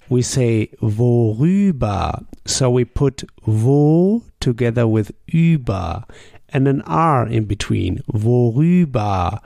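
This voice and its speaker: A man, a native German speaker, teaching a language lesson with patient drills and sample sentences spoken slowly. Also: mid-range voice, gravelly, warm tone, dry recording, studio quality.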